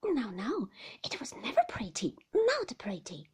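A woman reading aloud, voicing a young, gentle mother who protests bashfully and playfully in a hushed, breathy voice. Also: a little high, huge pitch swings, unhurried, heavily acted. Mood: coy, playful. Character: young gentle laughing mother, girlish and shy.

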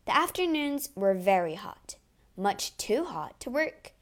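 A woman narrating a classic adventure storybook in a clear, expressive read-aloud manner. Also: medium pitch, measured pace.

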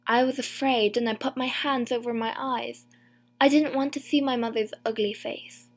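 Woman reading a storybook, slow and clear. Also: fairly high pitch, steady tone. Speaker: audiobook narrator. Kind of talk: scripted first-person narration.

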